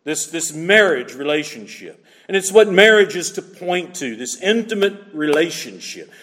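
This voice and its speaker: Lively, animated male preacher in a hall. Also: a little high, normal speed. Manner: expressive preaching, acts out little scenes. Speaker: pastor. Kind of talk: sermon. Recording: reverberant hall.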